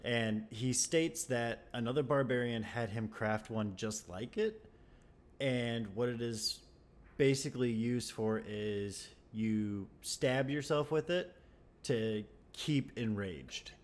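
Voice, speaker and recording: A man playing a tabletop game over a voice call, chatting lively with the game master in and out of character. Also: medium pitch, slow. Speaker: player.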